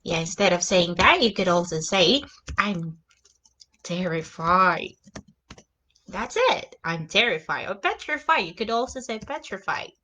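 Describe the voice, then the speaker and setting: A woman's voice: fairly low pitch, lively intonation, a little slow, sharp tone, a little hiss or hum. A young woman teaching English vocabulary in a casual lesson, repeating each new word and example sentence aloud.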